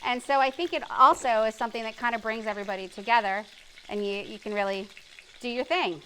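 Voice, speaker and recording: Role: cooking show host. Sex: woman. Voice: bright and forceful, fairly high. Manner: chatty, gives tips. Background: faint frying. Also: fast, slight background noise, low-quality recording. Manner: chatty, explains cooking tips, laughs easily. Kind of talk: live cooking show banter. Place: live studio kitchen with audience.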